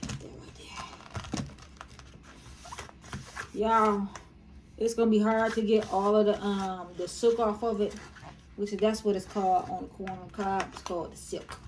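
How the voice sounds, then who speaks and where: A woman's voice: mid-range voice, fairly even intonation, a little slow, long pauses, darkish tone, a little hiss or hum. A woman, chatting casually to her viewers as she cooks in her home kitchen and calls them y'all and baby. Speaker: cooking vlogger. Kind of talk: casual cooking tutorial.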